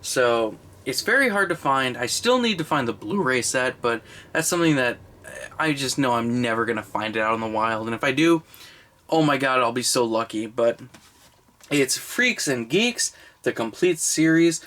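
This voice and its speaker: A man in his twenties chatting casually on camera about his movie collection, a little drunk and slurring, rambling and swearing with excitable bursts. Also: mid-range voice, normal speed. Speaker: collection vlogger. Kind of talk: casual unscripted video review.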